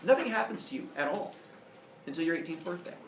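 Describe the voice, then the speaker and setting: A stern older judge lecturing with booming emphasis, as a man puts him on. The voice sits a touch high with a gravelly edge. It sounds echoey, picked up from some distance away. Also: lively intonation, quick pace, slight background noise. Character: stern older male judge laying down the law. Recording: echoey room, voice from far off.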